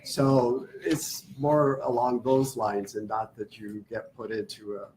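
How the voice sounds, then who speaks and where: A man joins in a class discussion to add his own explanation, at a middle pitch. He pauses often with "uh" and "um" as he works out his point. A faint hiss runs underneath. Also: level tone, darkish tone, poor audio. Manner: explains with hesitant fillers.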